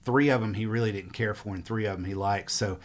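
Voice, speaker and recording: A middle-aged musician, talking in a loose, rambling interview style. His voice sits a little low, and he leans on fillers as he wanders through his stories. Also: quick pace. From Mississippi. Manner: relaxed, rambling, frequent fillers. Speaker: musician guest. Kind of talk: casual interview storytelling.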